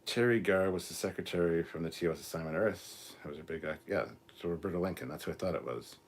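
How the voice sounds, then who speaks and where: A man's voice: low voice, quick pace, a little hiss or hum. A man hosting a live stream, reading out chat comments in a casual, crude way with plenty of swearing. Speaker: host.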